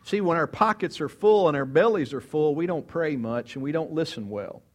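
Animated male preacher telling stories. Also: on the high side, normal speed. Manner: animated storytelling, rhetorical questions, acts out quotes. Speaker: pastor. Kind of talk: sermon.

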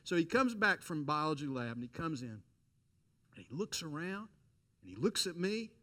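A middle-aged man preaching a sermon, telling a personal story with lively quoted voices and direct appeals to listeners. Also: fairly high pitch, normal speed. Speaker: pastor.

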